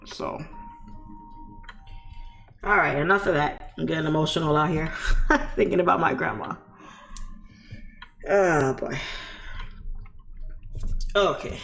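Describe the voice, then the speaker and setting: A woman's voice: low-pitched, moderate pace, creaky, pauses often, a bit bright. A woman streamer in casual, heartfelt chat, talking candidly and rambling with lots of "you know" fillers. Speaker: trading streamer.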